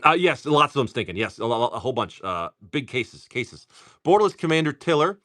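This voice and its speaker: A man's voice: mid-range voice, sing-song, brisk, a bit bright, dry recording, studio quality. A tired middle-aged man hosting a live card-opening stream, casually chatting, teasing viewers and swearing freely. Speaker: card-breaking stream host.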